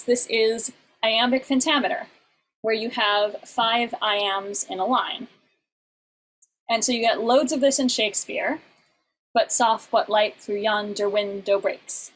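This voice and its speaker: A woman teaching an online class, explaining step by step with patient pauses and frequent "uh" fillers, on a video call. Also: mid-range voice, poor audio.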